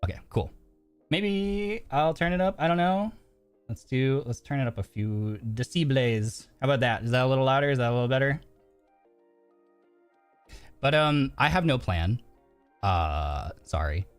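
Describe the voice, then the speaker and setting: A man's voice: mid-range voice, expressive, moderate pace, pauses often, clear, resonant tone, no echo. A man streaming live, rambling through heavy fillers, nervous, earnest and openly emotional. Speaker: virtual streamer. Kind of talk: casual live-stream chat. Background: faint background music.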